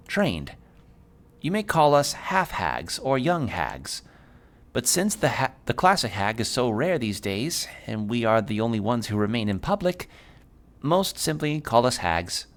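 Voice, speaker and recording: A man's voice: medium pitch, sing-song, pitched above the performer's own voice. A man playing a spiteful cackling hag woman. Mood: haughty. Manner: mocking, slow and drawn-out. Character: spiteful cackling female hag, sharp-tongued.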